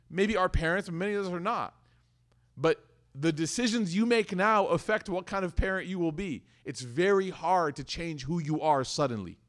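A man delivers a sermon to his community in a lively, conversational way. His voice sits a little high. He speaks directly to his listeners and weaves stories into the teaching. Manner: conversational, animated, addresses audience directly.

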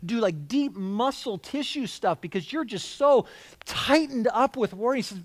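Animated high-pitched male pastor preaching. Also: normal speed, no room sound. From United States. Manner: conversational, emphatic preaching with repetitions and restarts. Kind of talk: sermon. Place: church.

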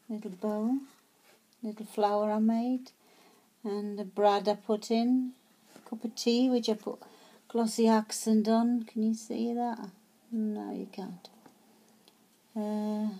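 A woman's voice: mid-range voice, dark tone. A woman chatting casually as she shows her handmade tags, hesitant with many fillers and restarts. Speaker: craft vlogger. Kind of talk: casual show-and-tell.

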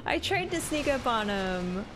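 A woman's voice: a little high, very animated, measured pace, noisy background. A woman streaming a video game, chatting casually and greeting her viewers by name. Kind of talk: casual gameplay commentary.

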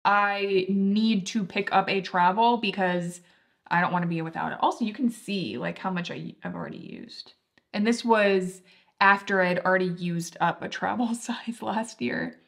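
A woman's voice: mid-range voice, gravelly. Chatty young woman reviewing beauty products. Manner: chatty, filler-heavy, enthusiastic. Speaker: beauty vlogger.

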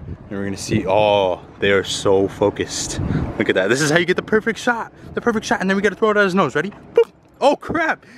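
A man with a slightly high, somewhat bright voice vlogs casually outside by a pool. He playfully coaxes his dog and puts on joking voices for it, and the outdoor recording is noisy.

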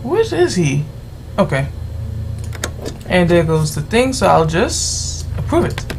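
A gamer giving rambling, exasperated commentary while playing, yelling at the game's characters. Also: mid-range voice, sing-song, slow pace, creaky, noisy background. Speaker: let's play gamer. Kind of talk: gameplay commentary.

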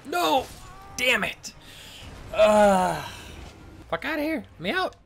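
A man's voice: high voice, very animated, slow pace, gravelly, a bit bright, a little hiss or hum. A young man commenting casually on his own gameplay, swearing and breaking into frustrated outbursts. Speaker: gaming streamer.

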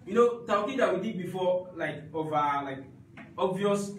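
A man's voice: high-pitched, animated, moderate pace, slight background noise. A man teaching an Arabic grammar class, explaining step by step and often checking with his students. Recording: echoey room, mic at a distance.

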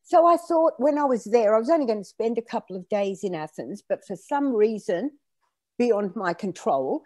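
An older woman raised in Australia and born in Greece, telling her story in an animated, conversational interview. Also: on the high side, normal speed, no room sound, studio quality. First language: Greek. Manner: animated storyteller acting out quoted dialogue. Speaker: author being interviewed.

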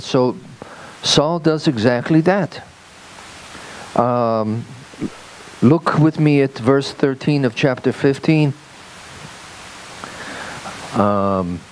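A man preaching as a rabbi, slow and deliberate, lifting his voice when he acts out quoted speech. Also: mid-range voice, a little mellow, slight background noise, rough recording. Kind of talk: sermon.

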